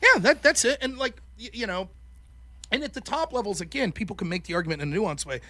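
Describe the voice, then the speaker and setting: In a casual podcast conversation, a former college debater appearing as a guest speaks in a high-pitched, pushed, bright voice. His intonation is lively and his pace quick as he animatedly swears nonstop and mimics what others said.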